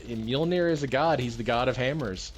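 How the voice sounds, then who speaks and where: A man hosting a geek news podcast, going through the news in a calm, matter-of-fact casual chat with dry humor. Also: mid-range voice, normal speed, a little hiss or hum. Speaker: podcast host presenting news.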